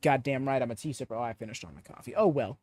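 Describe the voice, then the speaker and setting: A man hosting a live podcast, chatting in an animated, opinionated way and rambling off on tangents as he reads the audience chat aloud. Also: medium pitch, racing. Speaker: podcast host.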